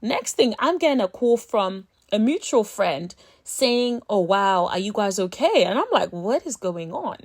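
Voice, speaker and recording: A woman giving casual commentary as a reality TV recap vlogger, telling stories in an animated way and acting out other people's lines. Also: mid-range voice, unhurried, hardly any pauses. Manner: animated storytelling, acts out friends' voices.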